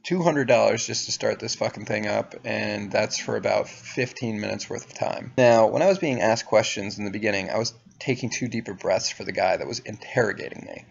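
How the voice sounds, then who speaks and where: A young man recounts a story to camera in a casual, profane, sardonic tone. His voice is gravelly and husky. The recording sounds dull and lo-fi. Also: on the low side, brisk, few pauses. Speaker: vlogger.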